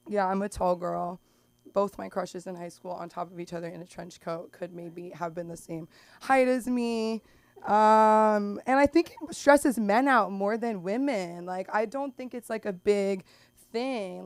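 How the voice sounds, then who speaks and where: A young woman does an open mic stand-up set on a small comedy club stage, rambling through stories full of "like" and "um" and breaking into loud put-on voices for the people she describes. Her mid-range voice is clear and resonant, and the recording is dry.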